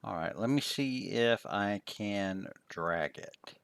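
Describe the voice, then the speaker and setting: A man playing a tabletop role-playing game, laid-back and quiet, describing his character's actions in third person. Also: lowish voice, animated, takes it slowly, gravelly, clean tone, no room sound. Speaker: player.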